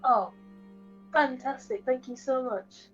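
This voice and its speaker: Polite, eager woman player, high voice. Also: slow. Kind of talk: playing a tabletop game. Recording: dull sound with faint music.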